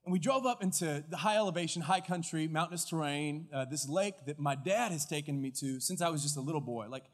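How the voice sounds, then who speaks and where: A male pastor preaching a sermon, telling a story with acted-out dialogue and lively delivery. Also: on the high side, quick pace, long reverb tail. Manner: animated storyteller, acts out dialogue and shouts at climaxes. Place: church auditorium. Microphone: stage mic with floor monitor.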